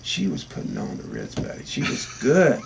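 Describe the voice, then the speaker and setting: A man's voice: low voice, wildly swooping pitch, normal speed, vocal fry, distant mic, slight background noise. A man telling a funny road story in a casual interview, acting out the quoted lines.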